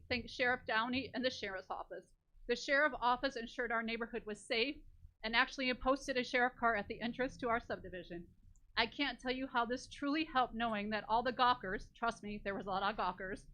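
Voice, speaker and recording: Bright-voiced emotional woman at a podium. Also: on the high side, a little hiss or hum, rough recording. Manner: emotional, voice catching at times. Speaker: public commenter. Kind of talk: reading a prepared public comment. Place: county board meeting room. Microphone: podium microphone.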